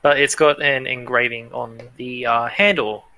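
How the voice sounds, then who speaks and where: A man's voice: mid-range voice, fairly even intonation, measured pace, pushed and bright, rough recording. A man narrating as game master in a tabletop role-playing game, easygoing and chatty, laughing often.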